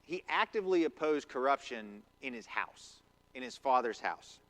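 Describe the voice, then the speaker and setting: A man's voice: mid-range voice, expressive, moderate pace, fairly bright tone. A man preaching a conversational sermon in a church, acting out quotes as he goes. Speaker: pastor. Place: church sanctuary.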